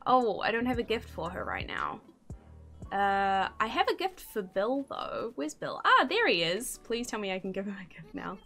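Excitable young woman streamer. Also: medium pitch, moderate pace, vocal fry, faint music behind. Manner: excitable, gasping and swearing. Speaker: gaming streamer. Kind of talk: casual gameplay commentary.

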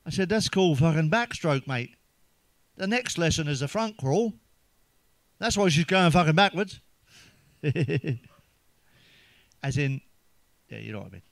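A middle-aged man with a fairly high voice, telling crude stand-up jokes in a casual, swearing, conversational way and laughing at his own punchlines. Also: sing-song, measured pace, gravelly, long pauses, a bit bright, dry recording. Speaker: stand-up comedian.

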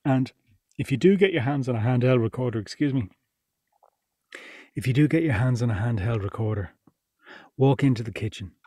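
A man's voice: mid-range voice, brisk, pauses often, dark tone, no room sound. A man giving a chatty, informal workshop lesson, laughing now and then as he explains. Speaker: podcast production instructor. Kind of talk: casual workshop teaching.

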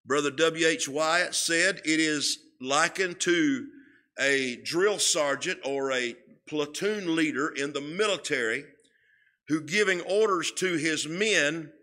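A man teaching a Sunday school Bible lesson in a church, speaking in a slow, emphatic way and often repeating his words. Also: on the high side, sharp tone. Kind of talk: sermon-style Bible lesson. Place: church sanctuary.

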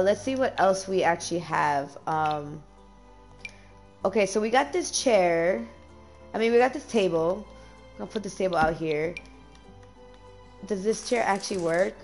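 A young woman streaming a life-sim game, chatting casually with lots of ums and quick bursts of dismay. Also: fairly low pitch, a little mellow, faint music behind. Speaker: gameplay streamer. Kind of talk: casual gameplay commentary.

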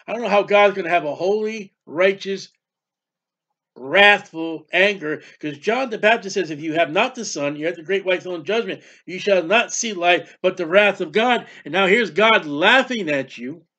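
A man preaching a sermon, animated and emphatic, reading scripture aloud. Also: sits high, moderate pace. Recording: dull lo-fi sound.

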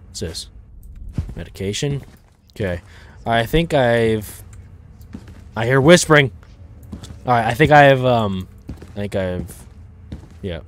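Man, horror game commentary, slow talk, lively pitch, jumpy, faint noise behind. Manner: jumpy, swears, shouts when startled. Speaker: gaming video host.

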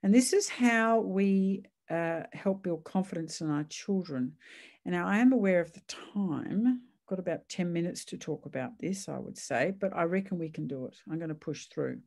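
A woman talks through parenting advice in a loose, chatty way, often restarting her sentences. Her voice is fairly low and has a gravelly fry. She sounds reassuring and speaks as an expert to parents. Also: animated, normal speed, darkish tone. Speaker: psychiatrist giving a parenting talk. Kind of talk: casual online talk.

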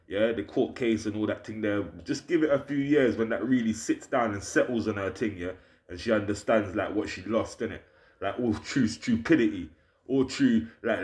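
Low-voiced man. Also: echoey room. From England. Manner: preachy, forceful, repeats "you understand" and "innit". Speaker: vlogger. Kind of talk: straight-to-camera rant.

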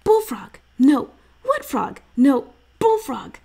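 A woman voicing an eager young boy in a children's storybook read-aloud, guessing answers out loud. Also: high-pitched, big pitch swings, very slow, voice pushed up, full character voice. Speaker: teacher reading aloud.

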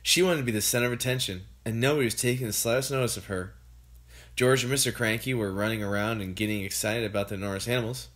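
Someone reading a children's book aloud in an expressive, animated way. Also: medium pitch, fast. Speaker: storybook reader.

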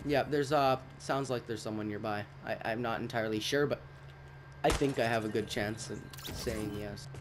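A man giving casual gameplay commentary, rambling and swearing, with sudden loud outbursts. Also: on the low side, moderate pace, heavy background noise. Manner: profane, rambling, jumpy outbursts. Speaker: gaming YouTuber.

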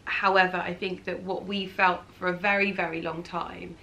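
Bright-voiced woman telling a story. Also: lowish voice, flat delivery, moderate pace. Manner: storytelling, laughing as she talks. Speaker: co-host, wife. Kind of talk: casual couple Q&A chat. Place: home.

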